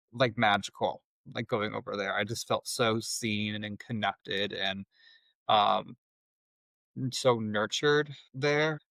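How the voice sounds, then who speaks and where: A man telling his personal story as a podcast guest, in a halting, reflective way with many restarts. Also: mid-range voice, fairly bright tone, smooth, no echo, low-quality recording.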